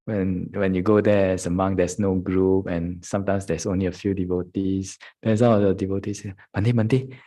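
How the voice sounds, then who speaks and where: A man's voice: sits low, little pitch movement, moderate pace, hardly any pauses, mellow, poor audio. A man, a Buddhist monk, giving a meditation dharma talk, often chuckling, acting out his students' lines and checking in with "huh?". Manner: chuckles often, acts out students in quoted voices.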